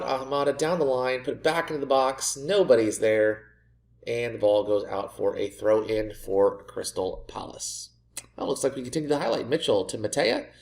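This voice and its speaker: A man commentating as he plays a football management game, sarcastic and exasperated, often ranting at his own team. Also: mid-range voice. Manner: sarcastic, exasperated self-mocking rants. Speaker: gaming video creator. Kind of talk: let's play commentary.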